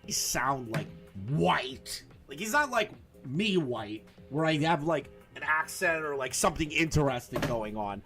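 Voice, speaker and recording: A man's voice: on the high side, animated, a little slow, few pauses, over music. A man on a stream, mocking and exasperated in casual chat. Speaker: stream co-host.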